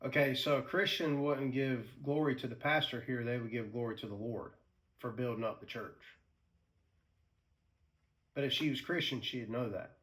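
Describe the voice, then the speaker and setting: A man's voice: mid-range voice, steady tone, moderate pace, long pauses, a bit bright. A man hosting a casual commentary chat, making dismissive, sarcastic remarks. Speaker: commentary host.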